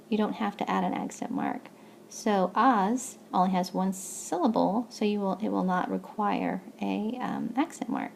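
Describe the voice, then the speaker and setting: A woman's voice: medium pitch, vocal fry, darkish tone, slight background noise. A woman teaching a recorded language lesson, explaining step by step with patience and checking in with "okay?". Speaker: Spanish teacher.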